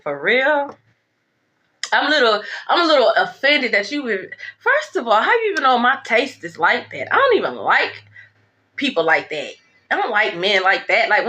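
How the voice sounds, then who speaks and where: A woman's voice: sits high, bright, forceful tone. A woman giving a blunt, profane, sassy tarot reading in a casual rant. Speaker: tarot reader.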